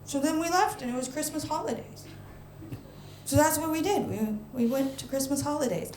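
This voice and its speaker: A woman performing a stand-up comedy set, animated, jumping into loud high mock voices for punchlines. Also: moderate pace, a little hiss or hum. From United States. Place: comedy venue stage. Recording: echoey live venue, faint ambience.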